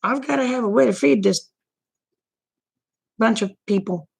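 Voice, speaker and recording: Middle-aged woman vlogger, gravelly voice and a touch high, frank folksy chatter. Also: normal speed, darkish tone. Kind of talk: casual livestream chat.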